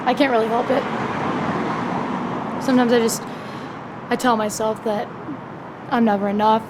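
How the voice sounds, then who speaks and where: A woman acting out a determined young woman pushing back against her own doubts. She is fierce and swears for emphasis, in a slightly high voice. Noise from the outdoors runs behind her. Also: steady tone, moderate pace, lightly acted. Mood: defiant. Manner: defiant, intense, swears for emphasis. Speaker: acting student. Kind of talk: rehearsed dramatic monologue.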